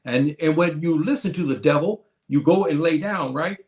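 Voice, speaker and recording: Man in his seventies, teacher's lecture, emphatic, repetitive, somewhat high voice. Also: moderate pace. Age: 70s. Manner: emphatic, repetitive, addresses listeners as brothers and sisters. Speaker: teacher of a class. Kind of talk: lecture to a community. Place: Morocco.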